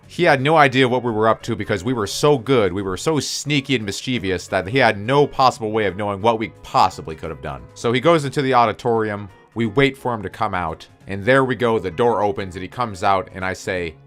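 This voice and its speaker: A man's voice: lowish voice, animated, brisk, hardly any pauses, fairly bright tone, soft background music. A young man telling a personal story in a casual, crude, joking way with mock-spooky flourishes.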